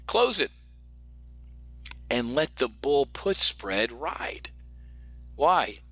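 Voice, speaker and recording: A man's voice: medium pitch, bright, forceful tone, no echo. A middle-aged man coaching options trading from home, talking through a screen-share lesson in a brash, joking way and calling his viewers "folks". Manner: brash, jokey, talks straight to viewers as folks. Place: home office.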